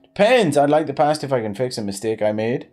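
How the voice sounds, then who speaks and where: A man's voice: big pitch swings, brisk, a little mellow. Rambling guy streaming a game. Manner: rambling, many fillers and restarts; pitch swings widely. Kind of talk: live-stream chat.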